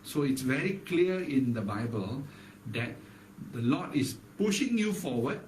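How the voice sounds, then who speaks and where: A man preaching a morning devotional as pastor, animated and emphatic, often tagging lines with "right?". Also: mid-range voice, unhurried, a little hiss or hum. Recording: echoey room, mic far off.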